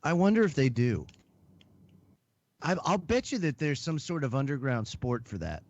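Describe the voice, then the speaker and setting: A man's voice: mid-range voice, very animated, normal speed, darkish tone, highs cut off. A man in a casual talk stream, chiming in with enthusiasm and saying "bro". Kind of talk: casual chat.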